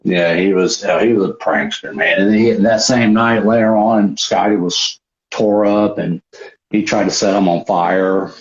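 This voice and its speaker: A man's voice: fairly low pitch, steady tone, unhurried. A man, a wrestler guest, telling stories on a video call in a rambling, profane way, full of restarts. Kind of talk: casual storytelling interview. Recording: roomy, dull lo-fi livestream audio.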